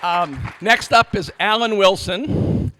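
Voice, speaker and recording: A man's voice: high voice, slow pace, bright, forceful tone, a faint crowd. A man moderating a conference panel, rambling and joking with restarts and swearing. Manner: rambling, joking, self-interrupting, profane. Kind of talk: stage rant at a conference panel. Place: conference hall stage.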